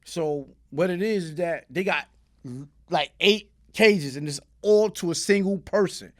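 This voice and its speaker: High-voiced, animated New York man telling a story. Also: a little slow. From Brooklyn, New York. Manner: animated street storytelling, acts out voices, frequent "you heard?". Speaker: interview guest. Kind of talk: storytelling in a casual interview.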